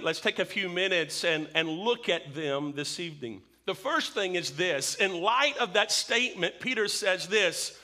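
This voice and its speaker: A man preaching an evening sermon in a high voice, each point laid down slowly. He is emphatic and repeats his questions for effect, leaning on key words. The tone stays bright and clear throughout. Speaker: pastor.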